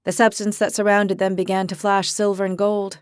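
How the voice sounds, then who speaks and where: A woman narrating a fantasy audiobook in a calm, even storytelling manner. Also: mid-range voice, moderate pace, clear, resonant tone, dry recording, studio quality.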